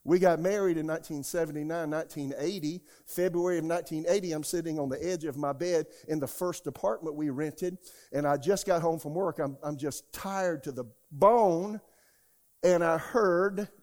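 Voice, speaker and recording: A man, preaching a sermon as a pastor. He tells stories from his own life and shouts out the lines he quotes. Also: on the high side, moderate pace. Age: 60s. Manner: storytelling, rising to shouts when quoting God.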